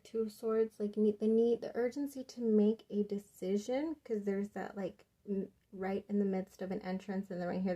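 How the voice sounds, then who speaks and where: Woman, tarot reader, young adult, soft rambling speech, relaxed mellow voice. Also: medium pitch. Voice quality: soft, rambling, with many fillers. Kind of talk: casual tarot reading.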